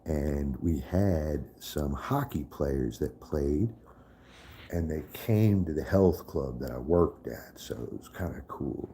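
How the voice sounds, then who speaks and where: A man's voice: a bass voice, expressive, slow, dark tone, slight background noise. A man in a casual live stream chat, profane and trash-talking, laughing often.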